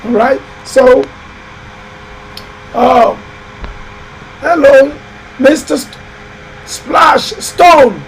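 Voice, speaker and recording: A man hosting a live building-advice show, talking in a loud, emphatic, exhorting way with lots of repetition. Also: very high voice, very slow, long pauses, slight background noise, poor audio. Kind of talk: live-stream motivational talk.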